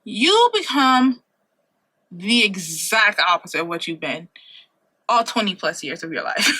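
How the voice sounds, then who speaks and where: A woman's voice: medium pitch, sing-song, measured pace, bright, forceful tone. A woman in her late twenties talking casually to camera in a vlog, chatty and dramatic, laughing often. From Ohio, USA. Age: 20s. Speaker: vlogger. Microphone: compact camera mic.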